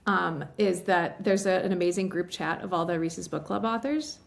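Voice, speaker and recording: Gravelly, low-voiced chatty woman. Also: normal speed, a little hiss or hum. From western Massachusetts. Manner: chatty, filler-heavy, laughs often. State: emotional, teary. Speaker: novelist guest. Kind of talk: casual storytelling interview.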